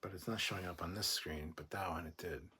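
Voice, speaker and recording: A man sits low in pitch and speaks a little fast with a sharp edge as he hosts a casual stream. He reads comments from viewers, drifts into rambling, and goes off on profane rants, with a faint hiss or hum audible.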